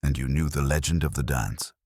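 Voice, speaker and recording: Guy doing a cool terse detective asking questions, deep husky voice. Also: a little fast, darkish tone, no room sound, clean studio sound. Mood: probing. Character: calm probing male detective.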